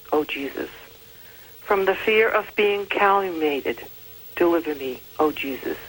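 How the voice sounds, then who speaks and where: Low-voiced woman caller reciting a prayer. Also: husky, low-quality recording. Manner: steady, devout, repetitive call-and-response cadence.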